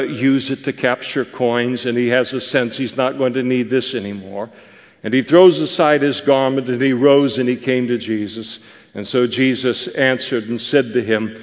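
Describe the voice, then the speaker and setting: Man teaching scripture in a reverberant hall. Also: medium pitch. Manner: conversational, animated, with many fillers and restarts. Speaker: Bible teacher. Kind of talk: expository Bible teaching.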